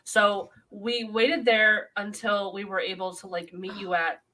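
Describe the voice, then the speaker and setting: A woman's voice: medium pitch, little pitch movement, measured pace, bright, forceful tone. A woman chats in a casual podcast, filling her explanations with "like" and "um." She sounds a little distant, set back from the microphone. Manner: chatty, backchannels and fillers. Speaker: podcast co-host. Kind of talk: casual chat.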